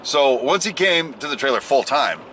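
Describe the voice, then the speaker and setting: Behind the wheel, a man vlogs to the camera, rambling, cracking jokes and teasing himself in a casual monologue. He speaks at a normal speed in a mid-range, slightly bright voice with lively intonation, over a faint hiss or hum.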